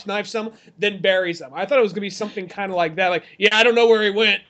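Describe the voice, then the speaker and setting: A man co-hosting a podcast, casually retelling a film scene by scene and acting out the characters' lines in rough, swearing voices. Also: sits high, fast talker, hardly any pauses, pushed and bright. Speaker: podcast co-host. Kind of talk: casual movie chat.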